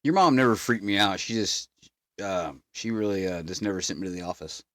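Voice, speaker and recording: Host, man, very deep voice, laid-back. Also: a little fast, a bit bright, no echo, clean studio sound. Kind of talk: casual chat.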